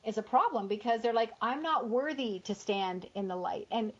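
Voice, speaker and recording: A slightly high-voiced woman hosts a spiritual radio talk show in a loose, chatty way. She lays out her ideas as pairs of opposites and keeps checking in with "right?". The audio is dull and lo-fi. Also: normal speed, breathy edge. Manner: chatty, explains with lists of opposites and rhetorical "right?".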